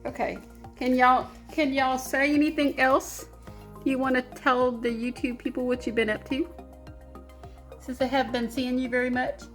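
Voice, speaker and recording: A woman's voice: high voice, little pitch movement, normal speed, faint music behind. A woman, hosting a crafting vlog at home in a bubbly, giggly way. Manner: bubbly, giggly, sweet-talking. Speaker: papercraft channel host. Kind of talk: casual vlog chat.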